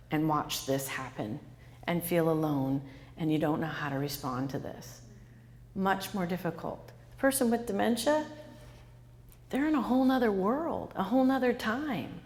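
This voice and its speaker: A woman's voice: lowish voice, darkish tone, long reverb tail. A woman author giving an interactive talk to a live audience, quizzing the listeners and repeating their answers back. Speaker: author and speaker.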